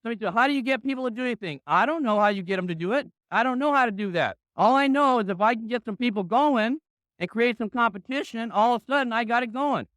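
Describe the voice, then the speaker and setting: A man's voice: extremely high pitch, fast, dry recording. A man giving a motivational talk to an audience, acting out phone calls as he tells his stories. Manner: animated storytelling, acts out phone calls. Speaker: motivational speaker.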